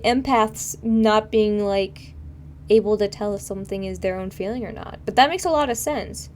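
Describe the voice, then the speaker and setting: A woman's voice: medium pitch, moderate pace, darkish tone, a little hiss or hum. A young woman streaming live, chatting casually with her viewers in a rambling way full of fillers. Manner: rambling, filler-heavy, frequent laughs.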